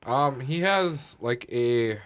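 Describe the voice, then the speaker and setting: A man co-hosting a podcast in casual chat, telling joking, animated stories. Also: mid-range voice, takes it slowly, clear, resonant tone. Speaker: podcast co-host.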